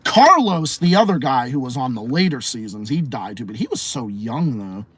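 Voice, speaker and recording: A man's voice: medium pitch, very animated, moderate pace, a bit bright, slightly rough, no echo. A man hosting a late-night livestream podcast, ranting casually, swearing a lot, repeating himself and laughing often. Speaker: podcast host and streamer.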